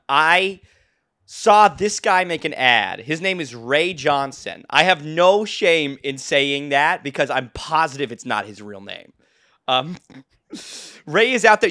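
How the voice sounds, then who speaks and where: Male podcast host, casual chat, rambling and laugh-prone, animated delivery. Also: a little high. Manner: rambling storyteller, laughs often, restarts.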